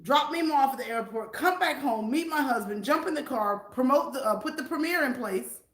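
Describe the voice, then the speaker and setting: An older woman with a Southern US accent chatting on a live stream in an animated, preachy way. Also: high voice, a little fast, reverberant. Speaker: vlogger. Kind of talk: casual live-stream chat.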